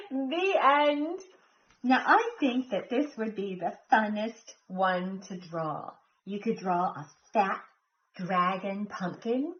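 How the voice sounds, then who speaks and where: Animated woman reading a storybook. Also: on the high side. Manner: animated, asks listeners questions. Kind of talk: reading a picture book aloud. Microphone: phone. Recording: lo-fi phone recording.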